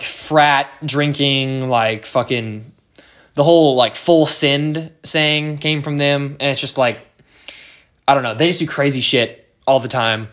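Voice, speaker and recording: A man's voice: mid-range voice, fairly bright tone. A young American man riffing alone on his podcast, loose and unscripted. He rambles, swears freely and circles back on himself with plenty of fillers and restarts. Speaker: podcast host. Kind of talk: casual solo podcast monologue.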